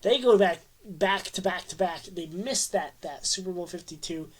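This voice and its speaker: A young adult sports fan ranting to camera, rambling and excitable, with a steady stream of "like" fillers. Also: medium pitch, normal speed, breathy edge. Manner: rambling and excitable, heavy use of "like". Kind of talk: casual rant to camera.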